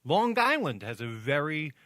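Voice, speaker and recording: A man from the United States hosts a podcast, his bright, high-set voice swinging widely as he jokes and swears casually. He is heard close and dry, with no room sound. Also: normal speed, dry recording. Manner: animated, joking, swears casually. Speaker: podcast host. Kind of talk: casual chat.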